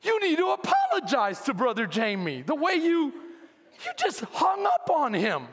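Pastor guy doing his wife nagging him, high shrill scolding voice, big echoey church hall. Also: wildly swooping pitch, normal speed, fairly bright tone, heavily acted. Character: exasperated wife scolding her husband. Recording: long reverb of a church hall.

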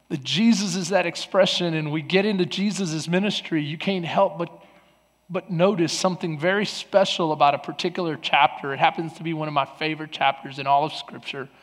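High-voiced preaching pastor, man. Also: in a large hall. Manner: preaching with a loud, lively delivery that drops to soft, earnest talk; repeats words and restarts often. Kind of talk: sermon. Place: large church.

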